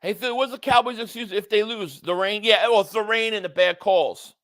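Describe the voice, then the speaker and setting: Stream host, male, sharp bright tone, dead dry mic, fan energy reading super chats. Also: high-pitched, fairly quick, dry recording. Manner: reads viewer super chats, shouts at plays. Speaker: live stream host reacting to football. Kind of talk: live stream reaction and chat reading.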